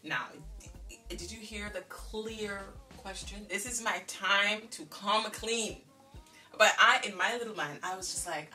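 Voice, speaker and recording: A woman's voice: mid-range voice, measured pace. A woman from Jamaica telling a childhood story in a casual vlog, acting out the dialogue and laughing as she goes. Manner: animated, laughing, acts out dialogue. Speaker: vlogger. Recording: distant mic with faint music behind.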